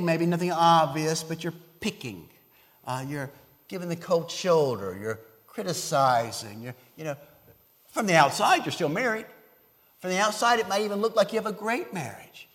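Earnest man preaching, bit high voiced, keeps repeating himself, big echoey church. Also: a bit bright. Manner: earnest, emphatic, repeats words as he restarts. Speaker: pastor. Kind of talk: sermon.

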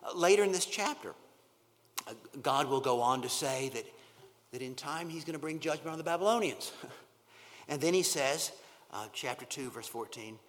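A man's voice: a little high, lively intonation, moderate pace, pauses often. Earnest preacher man in echoing hall. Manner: earnest, repeats words, swings from loud emphasis to near-whisper. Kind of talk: sermon. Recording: long hall reverb.

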